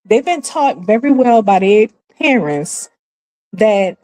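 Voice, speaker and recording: A woman hosting her own streamed commentary, talking emphatically and stretching key phrases out slowly. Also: medium pitch, animated, dark tone, rough recording. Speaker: channel host.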